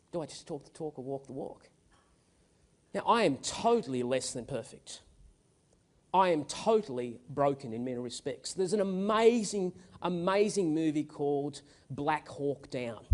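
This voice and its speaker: A man delivers a motivational keynote from a live stage. His voice sits very high and swings widely in pitch. He tells stories with punch and energy, leaning hard on key words. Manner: energetic, emphatic storyteller. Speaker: keynote speaker.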